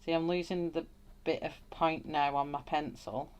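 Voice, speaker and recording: A woman's voice: deep voice, steady tone, normal speed, a little mellow, slight background noise. A woman hosting a live colouring tutorial, thinking aloud as she works and greeting viewers in the chat with frequent laughs. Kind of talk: live colouring demonstration, chatty.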